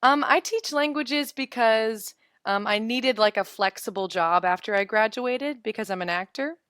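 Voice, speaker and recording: A woman's voice: a little high, normal speed, fairly bright tone, clear, resonant tone, dry recording, studio quality. A young woman in her twenties teaching English in a casual live webinar, chatty and giggly as she answers viewer comments.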